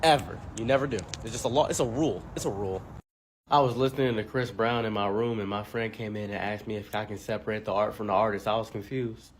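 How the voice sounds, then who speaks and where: A commentary YouTuber telling a comic story, animated and joking, acting out every character he mentions. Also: on the low side, fast talker, slight background noise. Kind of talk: comedic storytelling.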